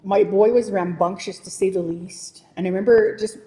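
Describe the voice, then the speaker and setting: A woman in her forties telling a heartfelt personal story in a teaching session, halting and restarting as she speaks. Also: medium pitch, steady tone, mellow. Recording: long hall reverb.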